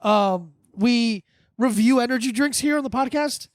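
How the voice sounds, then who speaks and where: A man co-hosting a podcast in casual chat, chiming in with quick reactions and dry jokes, then introducing a segment. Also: very high voice, no room sound. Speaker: podcast co-host.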